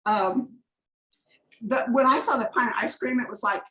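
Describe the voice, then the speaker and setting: Chatty higher-voiced woman on a video call. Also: moderate pace, pushed and bright. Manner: chatty, rambling, anecdotal. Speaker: guest presenter on a coaching call. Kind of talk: conversational slide presentation. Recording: echoey room on a video call.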